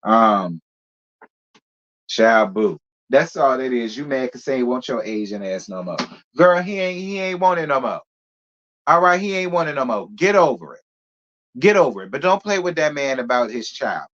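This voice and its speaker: A sassy man dishing celebrity gossip straight to his viewers, his voice sitting at an everyday middle pitch. The sound is dull and lo-fi. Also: very animated, moderate pace, fairly bright tone. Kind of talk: casual gossip commentary.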